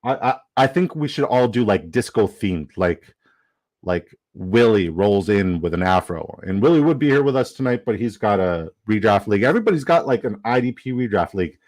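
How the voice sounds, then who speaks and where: A young man casually chatting on a live stream, reading chat comments aloud, excitable and swearing freely. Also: fairly low pitch, normal speed. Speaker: fantasy football streamer.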